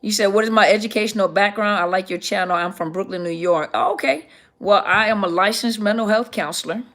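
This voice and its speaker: A woman's voice: medium pitch, brisk, fairly bright tone. A middle-aged woman, a counselor, hosting a casual livestream Q&A, chatty and greeting viewers by name as she reads their comments.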